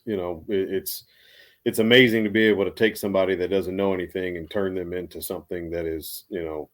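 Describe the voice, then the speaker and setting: This American man, an Army veteran, tells stories casually, rambling along with plenty of restarts and fillers. His voice sits low with a steady tone, and he speaks briskly.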